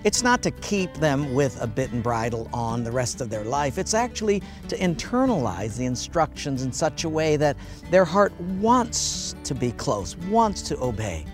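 Animated, lively-voiced male preacher. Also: mid-range voice, moderate pace, over music. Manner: folksy storyteller, laughs at own jokes. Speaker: pastor. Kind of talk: sermon.

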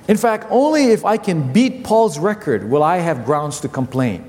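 A man in his fifties preaching a sermon as a pastor, telling stories with animated repetition and acting out his family's voices. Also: a little high, moderate pace, few pauses. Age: 50s. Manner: animated storytelling, repeats phrases, acts out family voices. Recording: long hall reverb.

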